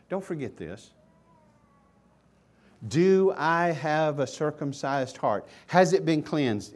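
A man preaching a sermon as pastor, moving between loud emphatic questions and quiet, hushed asides. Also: on the high side. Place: church sanctuary.

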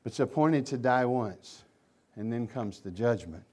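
A man preaching a sermon as pastor, impassioned and swinging between loud emphasis and hushed asides. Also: medium pitch, animated, normal speed.

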